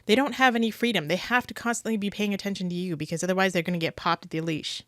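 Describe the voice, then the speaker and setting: A woman's voice: mid-range voice, steady tone, fast talker, dry recording. Earnest woman with a dry close sound. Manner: earnest, critical, frequent restarts. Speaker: commentator reacting to dog-training clips. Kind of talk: casual spoken commentary.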